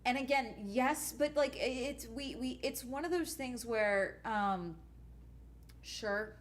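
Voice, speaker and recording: A woman's voice: fairly high pitch, takes it slowly, a little hiss or hum. Blunt, swearing young woman streamer. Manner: animated, blunt ranting with frequent swearing. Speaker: YouTuber streamer. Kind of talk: casual live-stream chat while gaming.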